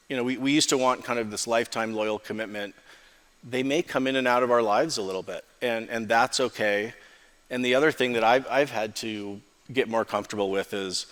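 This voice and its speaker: Low-voiced guy hosting a podcast, super enthusiastic, says absolutely a lot, hall reverb behind him. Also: a bit bright. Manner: enthusiastic, repeats "absolutely", restarts often. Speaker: podcast host. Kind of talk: conversational interview. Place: event stage with live audience.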